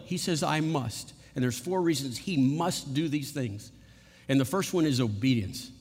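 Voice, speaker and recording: A man preaching a sermon as pastor, earnest, slowing down for emphasis and repeating key words. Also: on the high side, long reverb tail.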